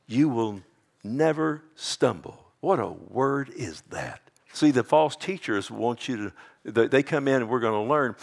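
Emphatic male preacher. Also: medium pitch. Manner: emphatic preaching, big swings from loud to hushed; addresses listeners as "loved one", asks "amen?". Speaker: pastor. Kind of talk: sermon.

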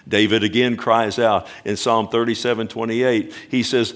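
Older man, pastor, sermon, gravelly, emphatic, hushed then booming, slow drawn-out words.

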